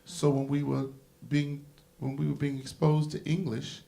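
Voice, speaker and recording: A man's voice: a little high, flat delivery, normal speed, vocal fry, warm tone. A man moderating a symposium panel, explaining ideas in an emphatic, lecturing way like a history teacher.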